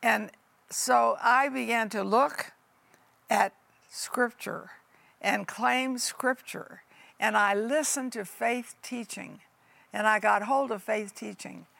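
Gravelly older woman preaching slowly. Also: medium pitch, fairly bright tone, no room sound. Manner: folksy, emphatic, addresses listeners as honey and folks. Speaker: pastor. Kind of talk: sermon testimony.

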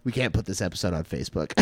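A man's voice: fairly high pitch, a bit bright, dry recording, studio quality. A man in his late twenties from North Texas, hosting a casual podcast and telling crude, rambling stories full of filler words. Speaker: podcast host.

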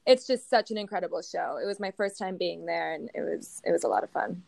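A woman's voice: fairly low pitch, expressive, quick pace, creaky, darkish tone, no room sound. A young woman answering interview questions casually, with lots of fillers and little laughs. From United States. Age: young adult. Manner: hesitant, many fillers and giggles. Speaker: guest, show jumping rider.

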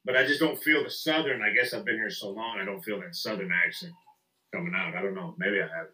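A middle-aged man from the Midwest hosts a casual podcast, swearing freely and drifting from story to story. His voice is very bright. It rings in an echoey room, and he sits back from the microphone. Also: fairly low pitch, fast talker, far from the mic. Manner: profane, rambling, laughs a lot. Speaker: podcast host. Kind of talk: casual chat.

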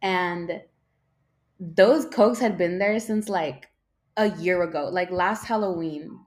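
A young woman hosts a casual podcast, tired and yawning as she rambles, swears a lot and loses her train of thought. Her voice is on the low side and slow.

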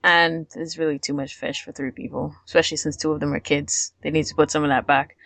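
A woman podcast co-host with a low, fairly flat, slightly bright voice talks fast in a recording with no room sound. She recaps episodes casually, laughs often, and acts out the characters' lines.

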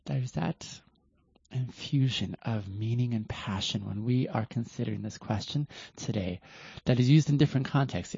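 Male host for a reflective talk: earnest, deliberate, restarts often, mellow and husky tone, dull lo-fi recording. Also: medium pitch, no echo.

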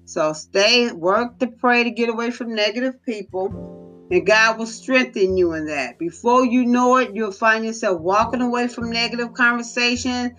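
A woman's voice: on the high side, moderate pace, a bit bright, soft background music. A woman giving a motivational faith talk, exhorting listeners with repeated phrases. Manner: repetitive, exhorting, preacher-like. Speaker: speaker of a faith podcast.

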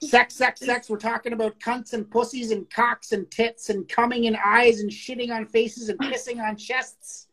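A woman co-hosting a casual podcast, talking bluntly with lots of profanity and reading poems aloud slowly. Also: on the high side, flat delivery, fairly bright tone, poor audio. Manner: crude, blunt, profane talk. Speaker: podcast co-host. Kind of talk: casual chat.

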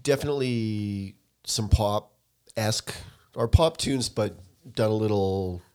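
A man co-hosting a casual podcast, talking in a relaxed, thoughtful and agreeable way. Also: lowish voice, takes it slowly, clear, resonant tone. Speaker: podcast co-host and musician. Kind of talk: casual chat.

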